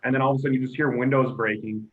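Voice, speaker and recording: Dude rambling w lots of likes and ums, sounds like a tinny phone line. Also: male voice, mid-range voice, rapid-fire. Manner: rambling, filler-heavy, excitable. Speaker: podcast co-host. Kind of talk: casual chat.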